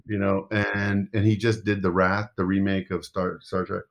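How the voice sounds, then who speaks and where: Middle aged actor guy rambling thru old stories, lowish voice, lots of restarts. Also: flat delivery, normal speed. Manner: rambling anecdotal, trailing restarts. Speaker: actor guest. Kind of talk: casual storytelling interview.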